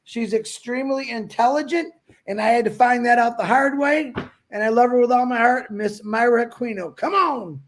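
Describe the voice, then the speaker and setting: High-pitched male show host, warm effusive intros. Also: moderate pace. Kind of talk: casual show hosting.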